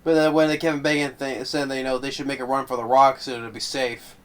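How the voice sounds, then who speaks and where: A man giving a casual, rambling film commentary, halting and stumbling over his words. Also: medium pitch, level tone, fairly bright tone. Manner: rambling, halting, laughs often. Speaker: fan commentator.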